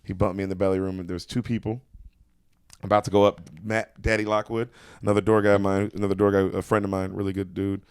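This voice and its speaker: Fast-talking animated male comedian. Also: deep voice, smooth, no echo, clean studio sound. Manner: animated, profane, acts out voices in stories. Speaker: comedian guest. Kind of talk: casual storytelling chat.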